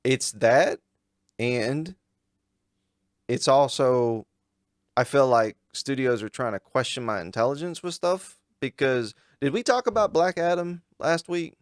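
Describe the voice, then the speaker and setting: A man's voice: medium pitch, animated, a little slow, smooth, no room sound, clean studio sound. A man co-hosting a podcast in casual chat, rambling and repeating words as he hunts for names. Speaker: podcast co-host.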